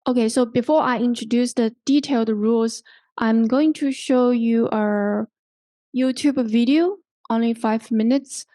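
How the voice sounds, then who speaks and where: In an online English pronunciation workshop, the instructor, a woman with a Hong Kong accent, walks through things slowly step by step, repeating and rephrasing and often asking "okay?". Her voice is a little high with fairly even intonation and a dark tone, with no room sound.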